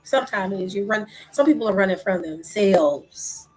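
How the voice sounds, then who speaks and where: A woman delivers fervent religious commentary in a husky, breathy voice. She preaches with rhetorical questions and veers between hushed whispers and loud outbursts. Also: medium pitch, expressive, normal speed, faint music behind, low-quality recording. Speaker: online talk host.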